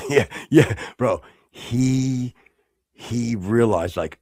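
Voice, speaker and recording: A man's voice: mid-range voice, very slow, a little mellow, no echo. A man hosting a podcast, telling a heated, profane story in casual chat and acting out both sides of an argument. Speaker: podcast host. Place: studio.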